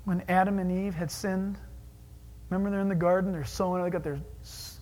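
A man preaching a sermon in an animated, joking way, moving between hushed asides and loud exclamations. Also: sits high, brisk, long reverb tail.

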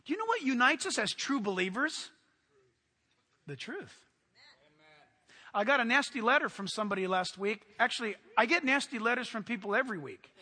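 A man preaching a sermon as pastor, animated, with sudden drops to quiet asides. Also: very high voice, brisk, pauses often, slightly rough, long reverb tail.

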